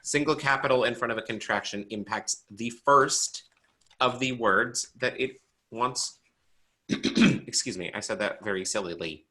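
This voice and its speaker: Brief: male teacher on a video call, bright tone, quizzes students and jokes as he explains. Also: mid-range voice, measured pace. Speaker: braille teacher. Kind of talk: online class instruction.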